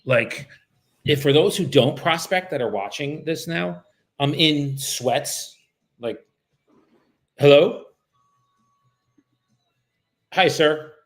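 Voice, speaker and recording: A US real estate agent, male, livestreams his cold calls and keeps up a running commentary between them, chatting casually, joking and swearing. His voice sits a little high and sounds fairly bright and animated, though he takes his time.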